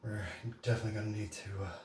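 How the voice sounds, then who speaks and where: A man's voice: on the low side, steady tone, very fast, roomy sound, far from the mic, very noisy. A man vlogging his workout, out of breath and chatting between sets. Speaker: fitness vlogger. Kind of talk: casual workout talk to camera.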